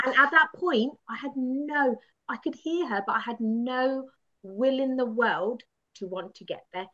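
A woman guest from the UK telling a candid story with animated, laughing self-mockery. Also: sits high, measured pace. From United Kingdom. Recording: dull lo-fi sound.

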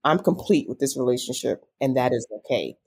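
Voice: mid-range voice, animated, fairly quick, vocal fry, a little mellow, slightly rough. A life coach speaking as a podcast guest in an earnest, reflective way, musing on personal growth. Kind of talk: casual conversational interview.

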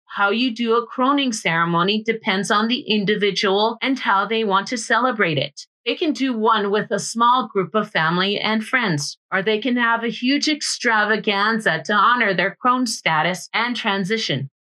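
A woman hosting a podcast, reading a calm, explanatory script. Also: mid-range voice, moderate pace, hardly any pauses, rough recording. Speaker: podcast host.

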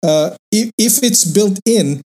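Someone jumping in fast, pushing their point, trips over first words. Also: mid-range voice, lively intonation, darkish tone. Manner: quick, insistent, stumbling starts. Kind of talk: casual chat.

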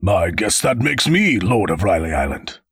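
Casting: a man doing a breezy, self-satisfied traitor lord, low husky voice, dry studio sound. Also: animated, measured pace, fairly bright tone, no room sound, exaggerated voice. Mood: smug. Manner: offhand, cheerful. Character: smug, carefree treacherous nobleman.

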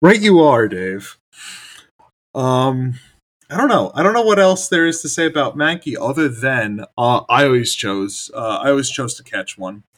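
A man co-hosting a podcast in casual chat. He rambles in a relaxed way and laughs often. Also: mid-range voice, moderate pace. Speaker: podcast co-host.

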